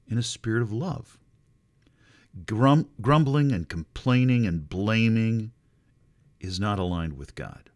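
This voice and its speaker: Preaching a sermon, this middle-aged man, a pastor, sounds expressive and wry, using abrupt pitch leaps to stress his points.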